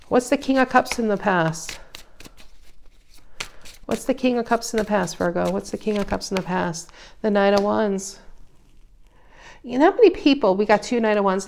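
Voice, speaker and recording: A woman giving a casual tarot reading, emphatic and animated, her voice rising loud and dropping soft. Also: medium pitch, vocal fry. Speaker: tarot reader.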